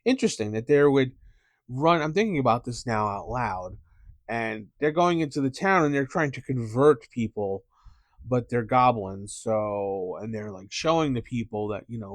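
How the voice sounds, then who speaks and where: A man hosting a casual tabletop gaming podcast, rambling and thinking out loud with lots of fillers. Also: medium pitch, animated, moderate pace, no echo. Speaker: podcast host.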